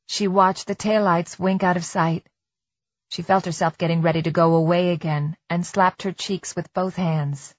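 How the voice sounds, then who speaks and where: A woman narrating an audiobook in a measured, tense storytelling manner. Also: lowish voice, steady tone, no echo. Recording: slightly dull dry studio recording.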